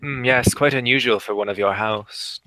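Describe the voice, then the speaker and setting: A man voicing a sly nobleman who speaks with smooth, predatory politeness. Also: medium pitch, normal speed, bright, forceful tone, slight background noise, lightly acted. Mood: condescending.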